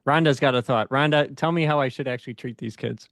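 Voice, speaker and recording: A man who teaches English, a presenter speaking with deliberate pacing and pauses. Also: medium pitch, fairly bright tone, dry recording, studio quality. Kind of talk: casual group discussion.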